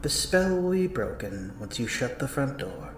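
A man tells a rhyming holiday story at an unhurried, lilting pace. His pitch swings widely and he drops into soft whispers now and then. The voice sits in a roomy, echoing space with faint noise behind. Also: sing-song. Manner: playful, sing-song storyteller with soft whispered asides. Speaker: narrator.

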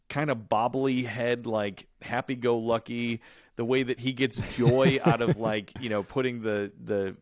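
A man's voice: mid-range voice, no echo, studio quality. A man co-hosting a podcast, chatting casually and laughing often. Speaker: podcast co-host. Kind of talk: casual chat.

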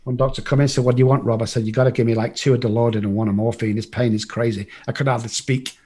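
A man's voice: mid-range voice, fairly even intonation, rapid-fire, dark tone. A man from England, telling a personal recovery story to a group, blunt and profane, acting out the people in it. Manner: blunt and profane, acts out the voices in his story. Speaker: recovery speaker.

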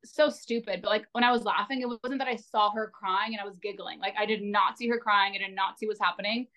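A young woman in her twenties speaking as a guest in a relaxed podcast conversation. She rambles through her stories, leaning on "like" constantly. She pokes fun at herself, and her voice sits at an average pitch for a woman. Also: quick pace. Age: 20s. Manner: rambling, heavy on filler "like", self-deprecating. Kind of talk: casual podcast chat.

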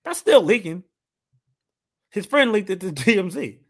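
Male podcast co-host, casual, animated storyteller who laughs a lot. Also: sits high, unhurried. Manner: animated, laughing while retelling. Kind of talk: casual chat.

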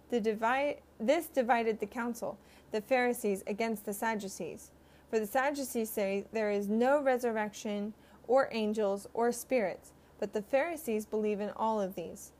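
A woman giving a measured, earnest scripted Bible reading. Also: fairly high pitch, darkish tone. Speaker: scripture reader.

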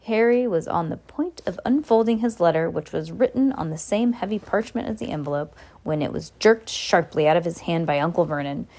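This young woman's voice sits on the low side and moves fairly quickly. She reads a novel aloud casually, relaxed and chatty, stopping now and then for playful comments.

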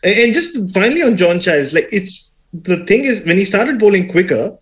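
A man's voice: sits high, big pitch swings, normal speed, fairly bright tone. A man co-hosting a podcast, chatting casually and responsively. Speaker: podcast co-host. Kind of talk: casual chat.

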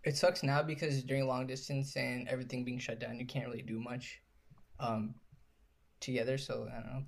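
A young man co-hosting a podcast among friends, giving advice in a calm, thoughtful way. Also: medium pitch, fairly quick, vocal fry. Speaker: podcast co-host. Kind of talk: casual chat among friends.

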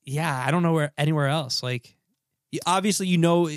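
A man's voice: a little high, fairly quick, clean tone, no room sound, studio quality. Laid-back man chatting on a podcast. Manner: laid-back, laughs often, trails off mid-sentence. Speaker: podcast co-host. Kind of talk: casual chat.

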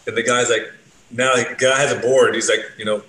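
A man's voice: mid-range voice, little pitch movement, brisk, fairly bright tone. A man telling rambling road stories in casual chat, with loose, profane phrasing. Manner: laid-back, rambling, profane. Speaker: bassist. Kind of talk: casual storytelling, heavy swearing. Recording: roomy echo, faint noise.

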